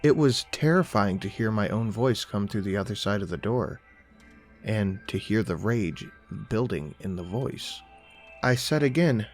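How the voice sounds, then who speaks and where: A man narrating a first-person horror story in a calm, conversational storytelling manner. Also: fairly low pitch, moderate pace, soft background music.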